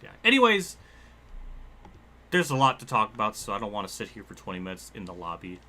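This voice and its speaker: A young man casually talking through a racing game livestream, excitable, laughing often and quick to swear. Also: on the low side.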